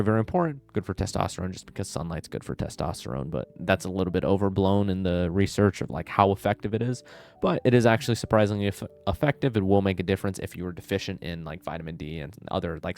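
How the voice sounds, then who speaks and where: A young man giving casual fitness advice straight to camera, rambling with lots of "like" fillers and bro slang. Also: deep voice. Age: young adult. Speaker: fitness vlogger.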